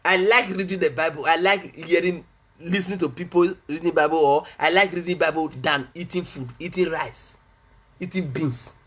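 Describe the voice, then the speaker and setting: A man's voice: fairly high pitch, normal speed, a bit bright. A Nigerian man preaching as a pastor, fervent, repeating his phrases and laughing between lines. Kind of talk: preaching a sermon.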